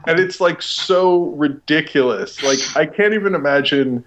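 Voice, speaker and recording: A man's voice: a little high, moderate pace, fairly bright tone, lo-fi sound, a little hiss or hum. A young man chatting casually about movies, enthusiastic and rambling with lots of fillers. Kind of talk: casual chat.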